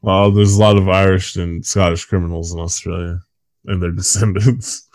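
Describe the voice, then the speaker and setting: A man's voice: sits low, fairly even intonation, moderate pace, a little mellow, no echo. A man co-hosting a podcast who chats casually and rambles, swearing often and laughing at his own points. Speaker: podcast co-host. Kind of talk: casual chat about a film.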